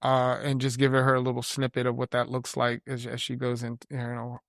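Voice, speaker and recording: A man in his forties co-hosting a podcast in casual chat. He speaks earnestly and haltingly, restarting often and laughing easily. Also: mid-range voice, monotone, creaky, a bit bright, dry recording, clean studio sound. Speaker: podcast co-host.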